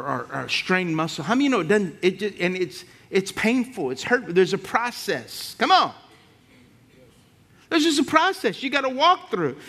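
A middle-aged pastor preaching with rising fervor. His voice sits high and ringing, bright and forceful. He repeats phrases, drives toward shouted peaks, and calls out to the congregation. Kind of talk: sermon.

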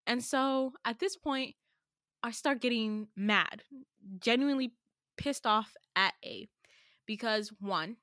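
A young adult woman hosts a podcast, her medium-pitched, fairly bright voice captured in a dry, clean studio recording. She tells a personal story casually and chattily, packing her sentences with "like" and stressing her points hard in an emphatic, indignant way.

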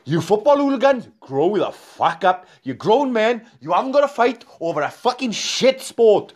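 A man's voice: high-pitched, very animated, moderate pace. A Welsh man hosting a casual podcast, laughing often, swearing freely and ranting among friends. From Wales. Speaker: podcast host.

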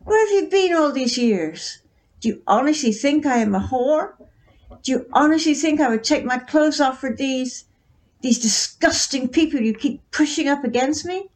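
A woman's voice: high-pitched, animated, unhurried, low-quality recording. A woman reading as a defiant teenage girl. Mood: furious. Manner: cutting, sarcastic.

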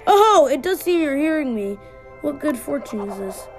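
A woman voicing a gentle, coaxing guardian spirit that speaks from a charm in a video game. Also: high-pitched, big pitch swings, moderate pace, faint music behind.

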